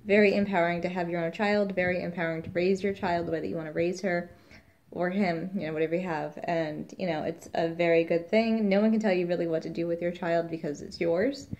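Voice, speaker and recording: A woman's voice: fairly low pitch, fairly even intonation, brisk, darkish tone, muffled recording. A woman, a new mother, chatting casually in a rambling vlog, quoting the people around her.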